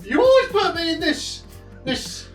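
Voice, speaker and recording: A man in a casual show putting on a mock British voice, deadpan and joking. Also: extremely high pitch, a little slow, echoey room, music in the background, full character voice. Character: man faking a posh British accent. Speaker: co-host.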